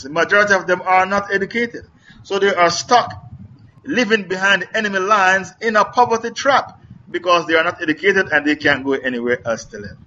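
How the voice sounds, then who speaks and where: A man's voice: high-pitched, sharp tone, lo-fi sound, a little hiss or hum. A middle-aged man preaching in a question-and-answer lecture, emphatic and repetitive, firing off rhetorical questions.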